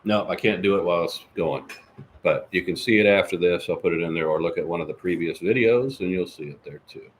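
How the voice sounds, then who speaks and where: Podcast host, male, lowish voice, casual rambling live-chat delivery, light background ambience. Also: fairly quick, a little hiss or hum. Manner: jokey and rambling. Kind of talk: casual live-stream chat, reading viewer comments.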